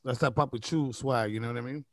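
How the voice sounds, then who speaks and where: A man's voice: mid-range voice, fast. A man hosting a podcast, chatting in a laid-back, easygoing way. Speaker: podcast host. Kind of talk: casual podcast chat.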